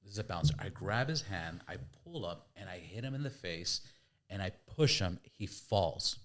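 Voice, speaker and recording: A man's voice: low voice, normal speed. A man, the podcast host, casually telling a story and acting out voices and sounds. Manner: lively, acts out quoted voices and sounds.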